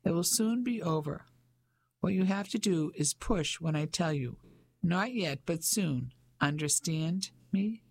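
A narrator voicing a stern male country doctor who speaks firmly and briskly in an audiobook. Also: medium pitch, expressive, darkish tone. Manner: firm, brisk and measured.

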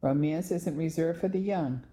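A woman reading the part of a middle-aged mother who speaks firmly and sometimes in a hushed voice. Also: low-pitched, normal speed, natural voice. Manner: hushed and firm.

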